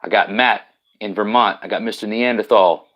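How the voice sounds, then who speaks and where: Low-voiced man rambling on a live stream. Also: normal speed, highs cut off. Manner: rambling, with many fillers and restarts; reads out viewer comments and greets viewers. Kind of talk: casual live stream chat. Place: at home. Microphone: laptop.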